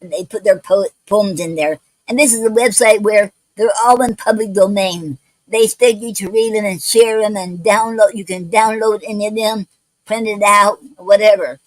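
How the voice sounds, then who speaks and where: A woman hosts a poetry livestream at her home mic, stumbling and restarting as she goes and carefully spelling out words. Some of her words don't come out clearly. The sound is dry and close, with a middle-pitched voice. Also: fairly even intonation, no echo, rough recording. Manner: halting, many restarts and fillers, spells out words letter by letter. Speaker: poetry show host. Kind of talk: casual livestream talk.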